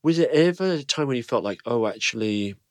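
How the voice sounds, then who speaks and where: A man's voice: medium pitch, expressive, brisk, no room sound, clean studio sound. Man asking long meandering questions. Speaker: podcast host. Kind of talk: interview questions.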